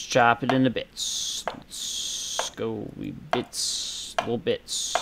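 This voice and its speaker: A young man giving casual, chaotic gameplay commentary, muttering and swearing, with sudden loud outbursts. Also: mid-range voice, flat delivery, drawn-out words, gravelly, heavy background noise.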